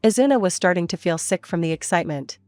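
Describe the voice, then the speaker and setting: Female narrator for a read-aloud story: low register, dry delivery, soft music bed. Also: animated, fast talker, no echo. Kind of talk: scripted fan-fiction narration.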